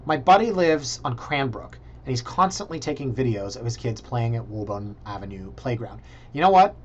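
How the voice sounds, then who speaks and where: A man's voice: mid-range voice, big pitch swings, moderate pace, muffled recording. A man, a realtor chatting casually through property listings and thinking aloud with joking asides. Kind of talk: casual screen-share vlog commentary. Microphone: computer mic.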